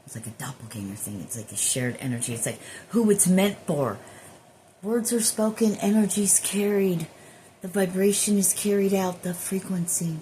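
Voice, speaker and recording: Rambling, lively-voiced woman with a low pitch. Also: moderate pace, slight background noise. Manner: rambling, drifting, profane. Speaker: spiritual healer. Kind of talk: casual spiritual monologue.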